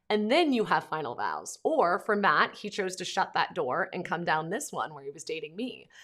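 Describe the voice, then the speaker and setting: A woman's voice: lowish voice, fairly bright tone. Chatty woman hosting a faith podcast. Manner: chatty, lots of fillers, reads listener comments. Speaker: podcast host. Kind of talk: casual faith chat to listeners.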